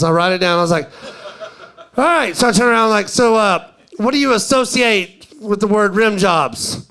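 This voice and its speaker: A man's voice: high-pitched, normal speed, gravelly, pushed and bright, clean tone. A man doing live stand-up, telling a story in a drawling, conversational way and quoting other people. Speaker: stand-up comedian. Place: live comedy venue.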